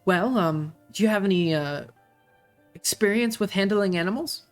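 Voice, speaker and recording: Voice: medium pitch, moderate pace, faint music behind, natural voice. A game master voicing a fussy gnome man with a pencil mustache, who stumbles over his words as he speaks. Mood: considering. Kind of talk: tabletop game character voice.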